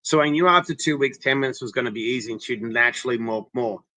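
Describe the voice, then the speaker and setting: A man with a forceful, bright voice speaks emphatically, like a coach laying out rules. He keeps checking in with the listener as he goes. The sound is dry and close, with no room echo. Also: medium pitch, quick pace. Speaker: interventionist guest. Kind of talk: motivational interview talk.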